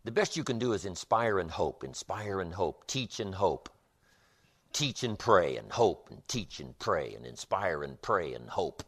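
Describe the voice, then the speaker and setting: A man delivers a motivational speech with emphatic, rhythmic repetition. His voice sits low and swings widely in pitch. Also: sing-song, unhurried, fairly bright tone, slightly rough. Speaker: motivational speaker.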